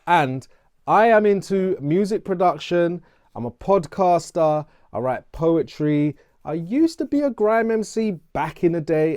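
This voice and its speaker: A man's voice: a little high, mellow, clear, resonant tone, no echo, clean studio sound. Playful London man in his thirties. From England. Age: 30s. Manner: playful, self-mocking, restarts takes. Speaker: vlogger and music producer. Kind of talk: casual channel intro.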